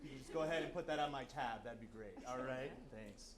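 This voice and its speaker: A man doing a stand-up bit as a confidently wrong film critic, deadpan, on a stage before a live audience. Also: mid-range voice, quick pace. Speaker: comedian playing a film critic. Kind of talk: live sketch comedy. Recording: roomy stage sound with crowd.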